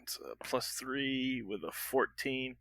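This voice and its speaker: A man's voice: medium pitch, lively intonation, slow pace, vocal fry, bright, forceful tone, poor audio. A man playing a tabletop game who speaks earnestly in character, with laughter close at hand. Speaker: player. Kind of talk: casual tabletop play.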